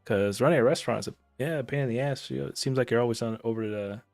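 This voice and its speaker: A young adult man co-hosting a casual review podcast, recapping the plot in a relaxed, rambling way. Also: medium pitch, rapid-fire, gravelly, dry recording, soft background music. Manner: relaxed, rambling, hesitant with fillers. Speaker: podcast co-host.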